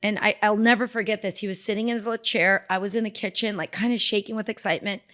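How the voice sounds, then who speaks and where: Animated middle-aged woman telling her story. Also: mid-range voice, quick pace. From Southern California. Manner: animated, acts out quoted voices. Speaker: dermatologist guest. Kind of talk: casual interview storytelling.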